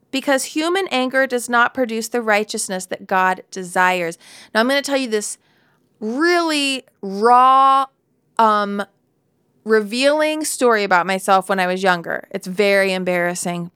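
A woman's voice: medium pitch, a bit bright, clean tone, no echo. A woman in her forties giving a candid devotional Bible talk, telling a personal story with laughs and asides, into a close studio mic.

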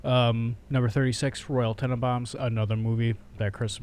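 A man co-hosting a podcast in casual chat, excitable and swearing as he runs down a ranked list. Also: medium pitch, normal speed, slight background noise. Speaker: podcast co-host.

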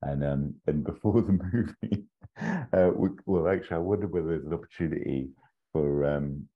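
Man, casual rambling storyteller. Very deep and dark-toned, dull lo-fi recording. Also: moderate pace. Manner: rambling, many fillers and restarts, acts out quotes. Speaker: podcast co-host pitching a story.

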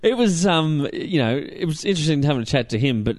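An Australian man co-hosting a podcast, chatting casually in an animated, rambling way with plenty of fillers and restarts. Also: fairly high pitch, brisk, a little hiss or hum. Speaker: podcast co-host. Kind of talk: casual chat.

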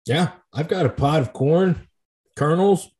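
A man's voice: on the high side, measured pace, darkish tone. A man co-hosting a casual podcast, rambling easily about whiskey flavors and college football. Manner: easygoing, rambling, tasting-note descriptions. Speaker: podcast co-host. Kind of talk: casual chat about sports and whiskey tasting.

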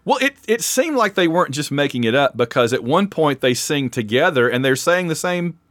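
A man's voice: a little high, very animated, fairly quick, a bit bright, no echo, clean studio sound. A man co-hosting a podcast in casual chat, talking as an eager fan who often breaks off and restarts. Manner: chatty, enthusiastic fan, self-interrupting. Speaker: podcast co-host.

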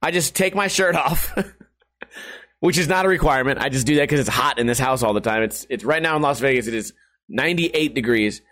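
A man's voice: medium pitch, fairly quick, a bit bright. Profane joking man in his thirties. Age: 30s. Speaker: streamer. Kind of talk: casual rambling vlog. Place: hot house. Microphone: webcam setup at home.

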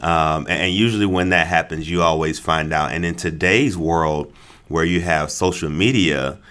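Man, extremely low voice, relaxed, casual podcast co-host, laughs easily. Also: moderate pace, clean tone. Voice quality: very deep, relaxed voice. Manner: laid-back, laughs often, affirms with yep and yeah. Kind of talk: casual chat.

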